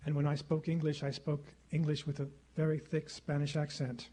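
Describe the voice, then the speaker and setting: A middle-aged man giving a formal public lecture at a podium microphone in a lecture hall, speaking in a measured, rhetorical way and repeating phrases for effect. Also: on the high side, monotone, dark tone. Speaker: guest lecturer.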